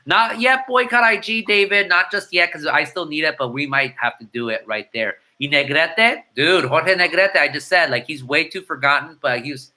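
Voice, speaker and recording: A middle-aged man from chats through viewer comments in quick, irreverent bursts, flipping between Spanish and English. His voice sits a little high for a man and rings very bright and forward. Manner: irreverent, rapid-fire banter mixing Spanish and English, breaks into singing. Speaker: host answering viewer comments. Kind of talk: casual live-stream chat.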